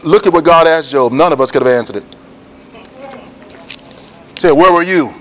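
A man preaching a sermon with emphatic, repetitive cadences that build to shouts. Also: fairly high pitch, moderate pace, a little hiss or hum.

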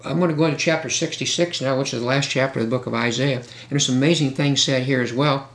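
A man preaching a sermon, reading scripture slowly and breaking in with questions and asides to his listeners. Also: mid-range voice, a bit bright. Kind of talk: sermon, Bible teaching.

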